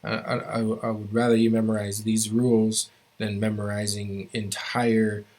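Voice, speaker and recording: Male language teacher, low-pitched and even-toned, halting delivery, walks students through grammar rules. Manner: halting, stops often to restart phrases; explains rules step by step to students. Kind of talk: classroom grammar lesson.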